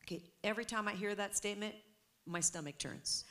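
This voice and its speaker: A woman's voice: medium pitch, brisk, sharp tone. A woman preaching a sermon to a congregation, fervent and emphatic.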